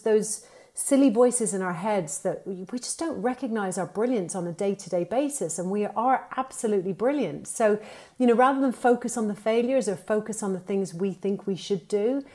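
A woman, a TV presenter and author, talking animatedly as a podcast guest and acting out quoted voices. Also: mid-range voice. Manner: animated, upbeat storytelling with playful quoted voices. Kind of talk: conversational podcast interview.

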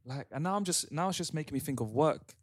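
A man co-hosting a casual chat, animated and repeating words for emphasis. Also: a little high, fast talker, husky, dry recording. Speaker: podcast co-host. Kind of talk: casual chat among friends.

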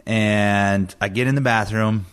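A man's voice: fairly low pitch, steady tone, unhurried, clear, resonant tone. A man co-hosting a podcast, laid-back, chiming in with short agreeing replies and his own stories. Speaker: podcast co-host and parent. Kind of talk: casual chat.

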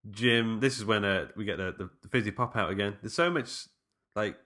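A man's voice: lowish voice, brisk, bright, forceful tone. A man co-hosting a casual film podcast, rambling with many fillers. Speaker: podcast co-host.

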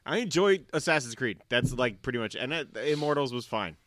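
A man's voice: medium pitch, animated, fairly quick, fairly bright tone. A man co-hosting a casual gaming chat, sardonic and blunt in his predictions. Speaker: podcast co-host.

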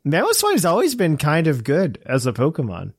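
A man hosting a casual gaming podcast, relaxed and chuckling often. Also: a little high, normal speed, breathy edge, dry recording, clean studio sound. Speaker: podcast host.

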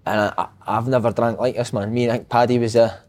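A Scottish former footballer in casual chat, telling animated stories and laughing often. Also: male voice, mid-range voice, fast.

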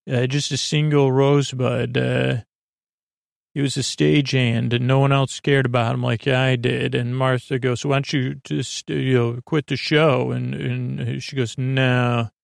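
A man hosting a podcast, giving a meandering bedtime retelling of a TV episode with many pauses and self-corrections. He lightly mimics the characters with small lifts in pitch. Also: flat delivery, gravelly, no echo, clean studio sound. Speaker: podcast host.

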